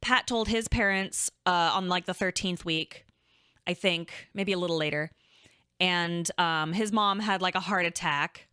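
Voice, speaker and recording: A woman's voice: on the low side, a little slow, pushed and bright, clean tone, dry recording, studio quality. A young woman co-hosting a podcast, telling a story casually and rambling, full of "like" and restarts. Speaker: podcast co-host.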